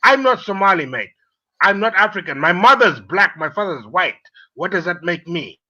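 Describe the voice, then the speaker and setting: A man calling in to a live stream, arguing, shouting insults and taunting the others. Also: sits high, very animated, normal speed, dull audio. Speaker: caller. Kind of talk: heated live-stream argument.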